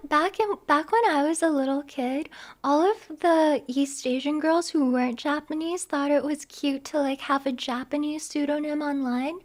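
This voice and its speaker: A young woman streamer chatting casually with her viewers, giggly and animated, with lots of quick restarts. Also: high voice. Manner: giggly, animated, talks fast with many restarts. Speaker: live streamer.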